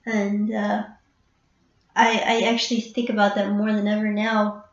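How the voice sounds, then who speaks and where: Woman musing slowly w lots of ums, kinda emotional, sounds far off and dull, like a roomy space. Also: mid-range voice, monotone. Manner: halting, reflective, many fillers and pauses. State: emotional, near tears at times. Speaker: harpist and channel host. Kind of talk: casual personal monologue. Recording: roomy, distant, dull recording.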